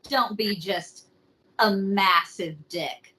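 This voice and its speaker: A woman's voice: medium pitch, bright, forceful tone, poor audio. A woman hosting a podcast, telling a true story in a casual, joking way with some swearing. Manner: slow, joking, swears freely.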